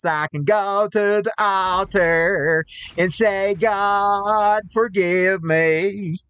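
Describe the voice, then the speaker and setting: A man putting on the voice of a gloating, self-righteous zealot who cheers for bombings, drawing his words out in slow, sing-song mockery. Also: high-pitched, fairly even intonation, a bit bright, clear, resonant tone, dry recording, full character voice.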